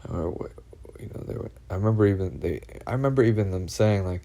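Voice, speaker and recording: A man telling of his own experiences in a halting, anxious monologue, full of fillers, restarts and swearing. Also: low-pitched, warm tone. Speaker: vlogger recounting personal experiences. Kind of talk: rambling first-person monologue.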